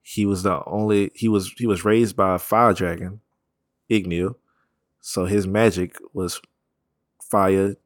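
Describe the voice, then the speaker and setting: A man talking casually about comics, rambling with slang, profanity and quick laughs. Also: low voice, fairly even intonation, dry recording, clean studio sound. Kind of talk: casual chat.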